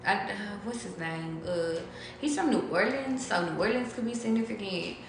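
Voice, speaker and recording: A young woman gives her viewers a casual tarot reading, loose and chatty, swearing freely and breaking into bits of song. Her mid-range voice is expressive and moves at normal speed. The room is echoey with faint background noise.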